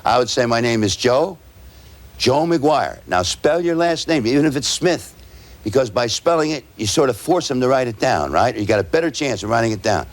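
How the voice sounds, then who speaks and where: A man lecturing a room of salespeople in a direct, conversational way. He keeps checking in with rhetorical "right?" questions and slows right down to spell words out letter by letter. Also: medium pitch, expressive. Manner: tags points with rhetorical "right?". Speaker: sales trainer.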